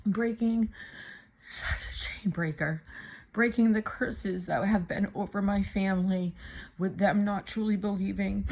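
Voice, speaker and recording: A woman in her thirties giving a personal faith testimony to her camera, speaking earnestly and haltingly with many fillers and restarts. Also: fairly low pitch. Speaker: church member giving testimony.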